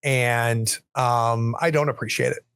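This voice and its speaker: A man's voice: mid-range voice, steady tone, a little slow, gravelly, a bit bright, smooth, dry recording. A man speaking in character during a storytelling game, rambling and thoughtful with a wry edge. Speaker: game player.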